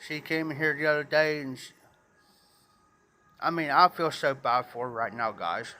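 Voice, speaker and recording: A man's voice: a little high, moderate pace, bright, forceful tone. A man telling a rambling, repetitive story to viewers in a casual live stream. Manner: rambling, repeats himself, talks straight to viewers.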